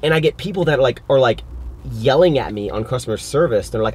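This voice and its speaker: A man's voice: mid-range voice, animated, quick pace, husky. A young man in a casual vlog, talking loosely and profanely, rambling with lots of fillers. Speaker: fitness vlogger.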